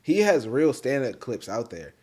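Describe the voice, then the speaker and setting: A man's voice: mid-range voice, sing-song, moderate pace, a little mellow, slightly rough. Slangy man telling a story casually. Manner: loose, slangy storytelling with lots of fillers. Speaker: podcast co-host. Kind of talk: casual chat.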